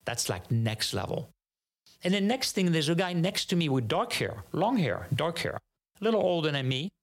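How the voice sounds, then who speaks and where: This podcast guest is a native French speaker from France whose French-accented voice sits a little high, at normal speed. His casual storytelling is animated: he plays out both parties in each conversation and keeps restarting his sentences.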